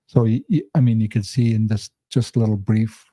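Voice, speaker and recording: A man's voice: fairly low pitch, brisk, breathy edge, dry recording. A man organizing a workshop, speaking hesitantly with lots of fillers in casual live-stream chat. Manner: hesitant, filler-heavy, flat delivery.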